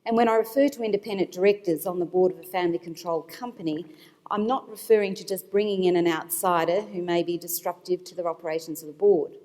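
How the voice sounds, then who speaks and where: A woman panelist speaking as an institutional investor, explaining her points in a measured way with some fillers, at a conference. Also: on the low side, mellow. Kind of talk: panel discussion remarks. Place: conference hall. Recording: long hall reverb. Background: hall reverb.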